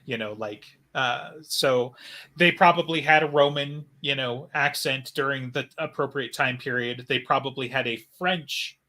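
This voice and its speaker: A man's voice: mid-range voice, a little slow, sharp tone. A man co-hosting a casual fan podcast, rambling and speculative with lots of fillers. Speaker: podcast co-host.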